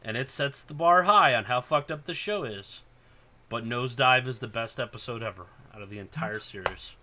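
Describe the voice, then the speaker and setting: A man hosting a casual podcast chat, excited and profane, getting loud when he acts out scenes. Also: mid-range voice, moderate pace, a little hiss or hum. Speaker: podcast host.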